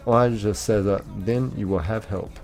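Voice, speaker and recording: An American man hosts a live stream, chatting loosely with his viewers and wandering off on tangents. His voice sits a bit low and has a gravelly edge. Faint game music plays under his talk. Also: fairly even intonation, moderate pace, darkish tone. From United States. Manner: rambling, with many fillers and restarts. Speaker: livestream host. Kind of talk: casual chat reading live comments.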